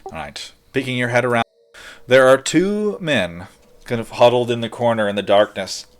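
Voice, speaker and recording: A man runs a tabletop game as its game master. His narration is loose and casual, full of fillers and quick bursts. His voice sits at a middling pitch. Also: clear, resonant tone.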